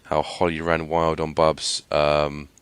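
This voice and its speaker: A man's voice: extremely low pitch, completely flat delivery, takes it slowly, smooth, no room sound. A young man co-hosting a casual TV recap podcast, chatty, with frequent fillers and laughs. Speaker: podcast co-host.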